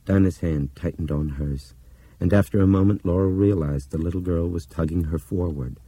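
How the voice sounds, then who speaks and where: A man reading a novel aloud in steady, measured narration that drops to a hush at times. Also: low voice, slightly rough. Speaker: audiobook narrator. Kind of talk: scripted narration.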